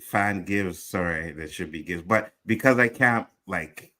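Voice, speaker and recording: A man hosts a casual online panel talk, greeting viewers and joking with his co-hosts. His voice sits a bit low but rings bright. He swears freely and laughs between lines. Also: unhurried. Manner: loose, laughing, cursing, talks to viewers. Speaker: show host.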